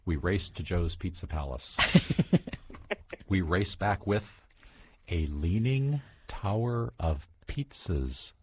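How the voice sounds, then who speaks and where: A man reading a picture book aloud as a cheerful male dog chef, with a husky voice. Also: sits low, expressive, takes it slowly, no echo, exaggerated voice. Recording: dull lo-fi sound.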